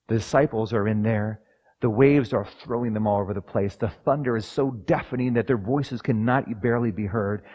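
A man preaching a sermon, moving from quiet personal storytelling to loud, dramatic scripture readings. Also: mid-range voice, moderate pace, muffled recording.

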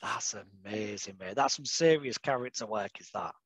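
A man hosting a casual interview, enthusiastic and full of quick affirmations. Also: lowish voice, fairly bright tone, breathy edge, no echo. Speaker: podcast host.

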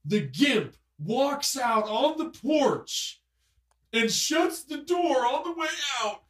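A man telling a story as a podcast guest in casual chat, animated and profane. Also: very high voice, slow pace, reverberant, distant mic.

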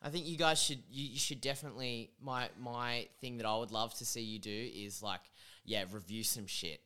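A man's voice: medium pitch, steady tone, moderate pace, pushed and bright, smooth. An Australian man, a music producer and DJ, chatting casually as a podcast guest, swearing freely and laughing often. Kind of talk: casual chat.

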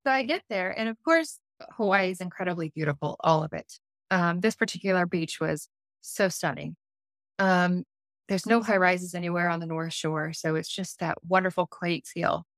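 A woman, an intuitive life coach, telling a story in a casual podcast interview, animated and acting out her own inner voices, laughing often. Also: on the low side, moderate pace, no echo, studio quality.

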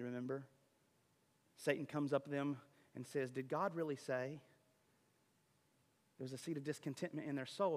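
A man preaching a sermon as pastor, animated, firing rhetorical questions at the congregation and slipping into quick impressions. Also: on the high side, big-room sound.

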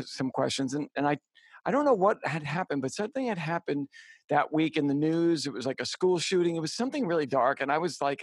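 A middle-aged man co-hosting a podcast, telling a personal story in a halting, heartfelt way with many fillers and restarts. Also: a little high, dry recording. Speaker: podcast co-host. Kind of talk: casual storytelling chat.

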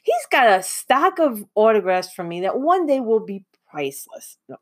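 A woman's voice: a little high, big pitch swings, normal speed. A woman casually telling a personal anecdote, often breaking into laughter and poking fun at herself. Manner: giggly, self-mocking, often laughs mid-sentence. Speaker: podcast host. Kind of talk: casual storytelling monologue.

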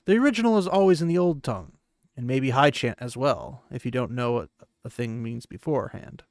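A male podcast host walks through a book chapter in loose, conversational chat, full of filler words. His voice sits at an ordinary middle pitch. The sound is dry, with no room echo. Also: a little fast, a little mellow. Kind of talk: casual book recap chat.

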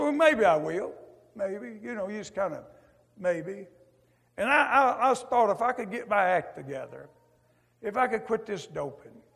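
A preacher's testimony in a high, gravelly voice, his folksy drawl carrying a long echo off the hall. He swings from loud to hushed and keeps tossing in "amen.". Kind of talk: testimony sermon. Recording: echoey hall.

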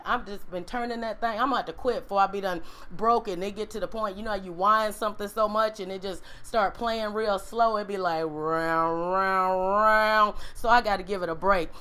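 A woman's voice: medium pitch, a bit bright. A woman pastor leading a casual livestream Bible lesson, talking straight to her viewers in an emotional, conversational way, with frequent "y'all"s and hums.

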